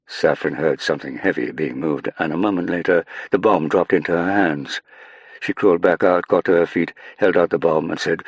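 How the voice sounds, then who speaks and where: A man narrating an audiobook in a measured, even storytelling manner. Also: low-pitched, husky, dry recording, lo-fi sound. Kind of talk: scripted narration.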